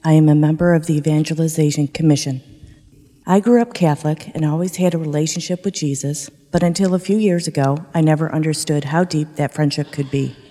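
A woman parishioner giving a personal testimony at church, reading her prepared words in a measured, sincere way. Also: sits low, steady tone, mellow. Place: church worship space. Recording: long reverb of a church hall.

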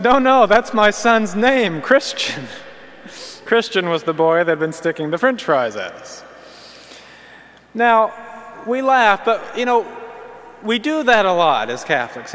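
A man's voice: sits high, normal speed. Man preaching in a reverberant hall. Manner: lively storyteller who shifts into earnest teaching. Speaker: Catholic preacher. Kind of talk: humorous sermon to an audience.

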